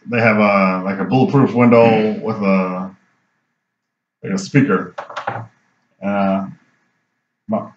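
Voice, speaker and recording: A man co-hosting a podcast, telling a profane anecdote in a casual, laughing way. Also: lowish voice. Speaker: podcast co-host. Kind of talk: casual storytelling chat. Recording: roomy, dull lo-fi sound.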